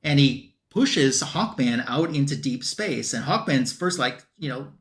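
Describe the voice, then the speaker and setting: Male host for a comic book chat show: easygoing, rambling recap full of fillers, medium pitch. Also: animated, measured pace, creaky, a bit bright. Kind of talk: casual comic book recap on a panel stream.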